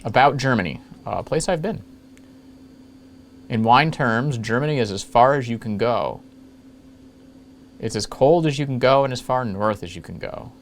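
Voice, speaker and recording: A man's voice: medium pitch, expressive, moderate pace, pauses often. Jokey rambling man, faint hiss. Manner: jokey, rambling, self-mocking asides. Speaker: retro computing video host. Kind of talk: casual screen-capture walkthrough.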